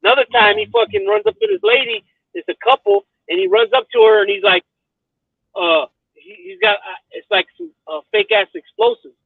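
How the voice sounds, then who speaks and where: Guy w a really high gravelly voice, cussing and rambling, tinny phone sound. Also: big pitch swings, brisk, no room sound. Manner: profane, rambling, keeps asking "you know what I mean". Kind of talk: casual chat. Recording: tinny phone line, dry.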